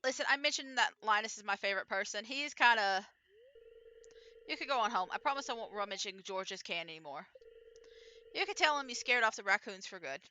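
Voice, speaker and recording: A woman voicing a shy, defensive hermit man in a low, quiet tone, reading game dialogue aloud. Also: animated, brisk, highs cut off. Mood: calm.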